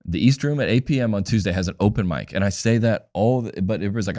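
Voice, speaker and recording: A man's voice: lowish voice, fast, few pauses, warm tone. A man, a comedian on a podcast interview, talking casually and rambling with many restarts. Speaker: comedian guest.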